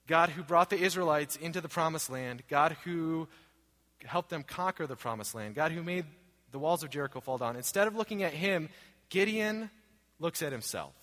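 The man preaching is a pastor in his thirties whose voice is fairly high and fairly bright. His sermon is earnest, repetitive and rich in rhetorical questions, heard through long hall reverb.

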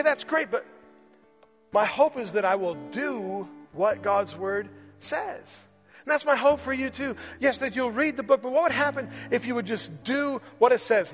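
A man preaching a sermon as pastor, conversational and repeating phrases for emphasis, slowing on key words. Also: high voice, fairly bright tone, big-room sound. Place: church sanctuary.

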